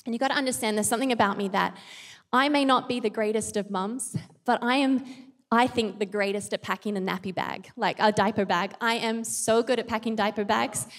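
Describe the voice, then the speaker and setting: A fairly high-voiced woman in her thirties preaches in a relaxed, conversational way, full of self-deprecating asides. Her voice carries a long hall reverb, as if she were speaking in a church hall. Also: brisk. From Australia. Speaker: pastor. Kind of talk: casual, humorous sermon.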